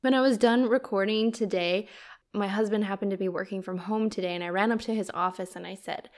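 A woman's voice: medium pitch, steady tone, fairly quick. Woman podcast host, mid-range voice, casual, upbeat and gushing in her solo intro. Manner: warm, gushing, enthusiastic; faith-filled, prayerful phrasing.

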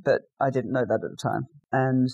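A middle-aged Australian woman, a guest in an interview, telling lively anecdotes in a casual way. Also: very deep voice, fairly quick, highs cut off. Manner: lively anecdotal storyteller, acts out quoted lines.

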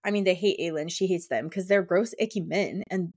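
A young woman co-hosting a casual book podcast, retelling scenes with lively character voices. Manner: animated, acts out characters in quick high voices. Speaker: podcast co-host.

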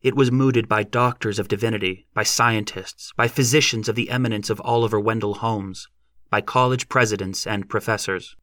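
Low-voiced male audiobook narrator. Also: steady tone, moderate pace, fairly bright tone, no room sound, clean studio sound. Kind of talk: scripted narration.

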